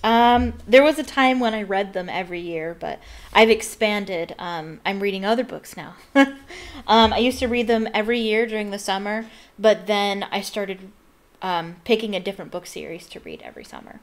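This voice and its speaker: A woman's voice: mid-range voice, normal speed. A woman hosting a casual read-aloud, chatting in rambling, giggly asides. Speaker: reader and host.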